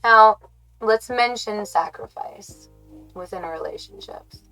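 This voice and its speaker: Slow, rambling woman streamer from the US. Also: mid-range voice, sharp tone, soft background music, poor audio. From United States. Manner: rambling, halting, self-correcting, giggly. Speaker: livestream host. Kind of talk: casual stream chat to viewers.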